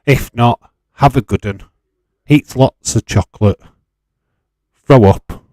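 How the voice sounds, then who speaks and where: A man's voice: medium pitch, unhurried, darkish tone, dry recording. Laid-back Yorkshire man streaming. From England. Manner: chatty and laid-back, chuckling often, light swearing. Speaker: livestream host. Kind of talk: casual live-stream chat, reading out viewer comments.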